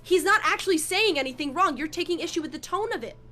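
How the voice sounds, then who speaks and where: A woman's voice: very high voice, animated, fast, sharp tone. A woman in a heated debate, defensively pushing back and firmly holding to her position.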